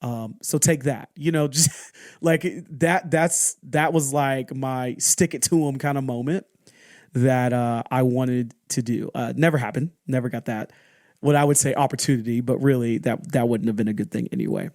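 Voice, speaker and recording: A young adult man hosting a podcast, telling a personal story in a candid, halting way, often restarting and acting out what people said. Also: medium pitch, fairly even intonation, a little mellow, no room sound, studio quality. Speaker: podcast host.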